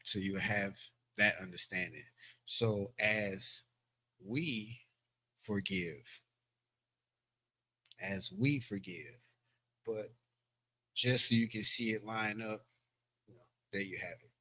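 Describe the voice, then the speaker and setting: A man's voice: on the low side, slow pace, long pauses, pushed and bright. A man teaching a language lesson from a board in a loose, conversational way, full of fillers and repeated words. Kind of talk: teaching from a board, casual lecture. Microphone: streaming setup.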